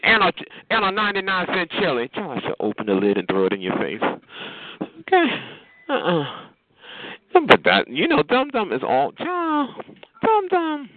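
Sassy man, teasing chat-line talk, swooping pitch, tinny phone sound. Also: huge pitch swings, no echo. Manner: sassy, drawn-out teasing with frequent "honey" and "child". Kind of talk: casual chat roast.

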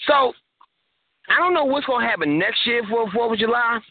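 High-voiced joking man on a phone line. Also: animated, moderate pace, dry recording. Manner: joking, rambling, laughs often. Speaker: radio show co-host. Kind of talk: casual call-in radio banter. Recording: tinny phone line, faint noise.

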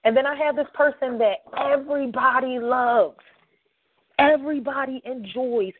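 A woman's voice: a little high, dry recording. A woman talking earnestly and reflectively in a podcast conversation, thinking aloud as she goes. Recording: tinny phone-like line, dry.

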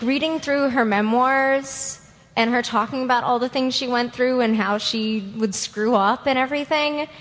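A woman from a convention audience telling a personal story, candid, blunt and quick to giggle. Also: on the high side. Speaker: audience member at a fan panel. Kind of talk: personal story told to a panel. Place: convention panel room. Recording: long hall reverb at a convention panel.

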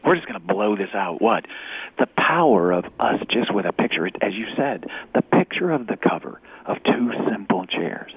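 A man, an executive recruiter, telling a faith story in an animated way, acting out the dialogue and dropping to a whisper at times. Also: lowish voice, normal speed, breathy edge. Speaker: executive recruiter, guest speaker. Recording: tinny phone-like radio audio.

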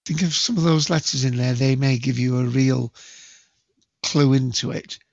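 A man hosting a solo podcast quiz in a chatty way, spelling out letters slowly and counting down to each answer. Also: medium pitch, steady tone, creaky, no echo, dull audio. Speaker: quiz host.

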